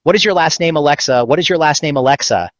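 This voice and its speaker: A man's voice: on the high side, quick pace, dry recording, natural voice. A man voicing a smug, greedy male streamer in a cartoon skit. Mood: indignant. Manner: smug, whiny. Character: greedy self-important male video streamer. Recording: dull dry lo-fi sound.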